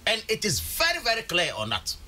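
Ghanaian male pundit, higher voice, lively swings, hammers his points with repetition. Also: fairly quick, slight background noise. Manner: emphatic, repeats words for stress. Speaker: political commentator. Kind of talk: studio panel discussion.

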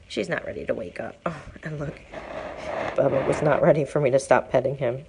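A woman giving a live tour of an animal shelter as its manager, explaining each cat plainly and then cooing at them in a high sing-song voice. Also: normal speed, pauses often, background noise.

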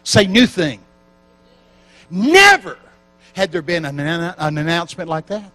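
A man's voice: on the high side, unhurried, rough recording. A man preaching a sermon at a church camp meeting, telling stories with acted-out quotes. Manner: animated storytelling with acted quotes.

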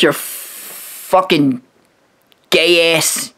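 A man on a profane, aggressive rant, voice sitting a little high for a man. He swears constantly and trips over his own words, repeating the start of a phrase several times before pushing on. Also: expressive, moderate pace, long pauses, fairly bright tone. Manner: aggressive, swearing, repetitive stammering restarts. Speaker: video host roasting another creator.

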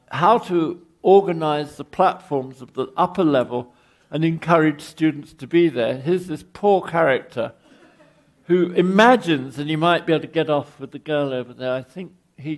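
An older Englishman lectures on architecture in a wry, meandering way, tripping over his own words as he goes. His voice is gravelly and sits a little high for a man. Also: moderate pace. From England. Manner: rambling, wry, with frequent restarts. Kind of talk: anecdotal public lecture.

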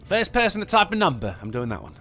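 Excitable sweary streamer. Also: male voice, high voice, fast talker, soft background music. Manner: excitable, sweary, yells in panic. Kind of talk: live game commentary.

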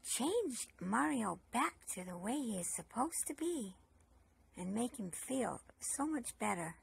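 High, slow-talking children's storyteller woman. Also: gravelly, slightly rough. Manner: coaxing, talks to the boys and girls. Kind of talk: children's show narration.

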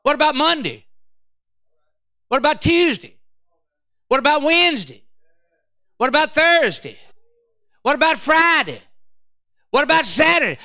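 A man preaching a fervent sermon as pastor, calling out to the congregation and shifting between shouting and quiet storytelling. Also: extremely high pitch, sing-song, a little slow, long pauses, no room sound, studio quality.

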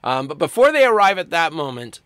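A male college writing instructor delivers a casual recorded lecture, his pitch swinging freely as he explains. He acts out quoted lines in passing. The sound is dry and close, with no room echo. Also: sing-song, a little fast, a bit bright.

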